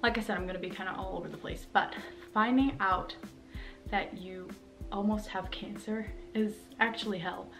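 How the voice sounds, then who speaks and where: Young woman, vlogger, mid-pitched, rambling candid talk to camera at home, faint music under it. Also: fairly even intonation, moderate pace, a bit bright. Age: young adult. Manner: rambling and candid, with many fillers. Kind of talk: personal vlog talking to camera. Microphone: camera mic, talking to camera.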